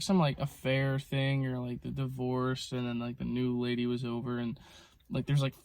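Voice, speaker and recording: A man's voice: medium pitch, dry recording. A young man talking casually into his phone camera in a car, rambling with lots of "like" and "um". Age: young adult. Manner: rambling, filler-heavy, frequent "like" and "um". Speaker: vlogger. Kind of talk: casual rambling vlog storytelling.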